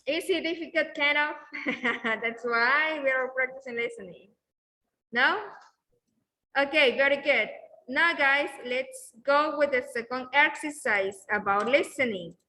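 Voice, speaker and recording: A woman teaching an English class who explains slowly and keeps repeating okay and very good. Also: high voice, bright, forceful tone, rough recording.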